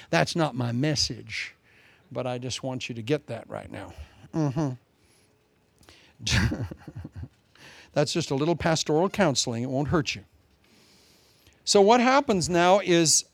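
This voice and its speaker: Male pastor, lively storyteller, slightly high voice, dry close recording. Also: vocal fry, dry recording. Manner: animated storytelling with humorous asides. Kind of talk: sermon.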